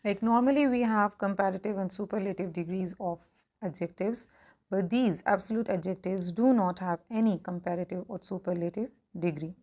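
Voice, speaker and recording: A woman explaining English grammar, going through lists of examples in a clear, measured teaching manner. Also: mid-range voice, a little mellow. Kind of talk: grammar lesson.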